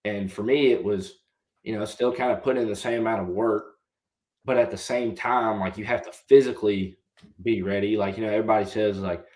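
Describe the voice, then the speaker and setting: A young man in his twenties tells a long story in a casual, unhurried way. His voice sits fairly low and carries a roomy echo from the space he is in. He stays polite and answers with "yes, sir.". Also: fairly even intonation, a little mellow. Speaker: podcast guest, former college quarterback.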